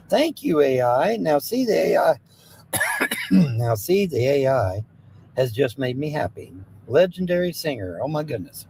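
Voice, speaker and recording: A man hosting a livestream talks unhurriedly to his viewers. His voice sits a little high and mellow, and it swings widely up and down. He jokes playfully and keeps slipping into snippets of song. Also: sing-song, unhurried, gravelly, slight background noise, low-quality recording. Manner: joking, playful, drifts into sung snippets. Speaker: livestream host and singer. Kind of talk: casual chat with live viewers.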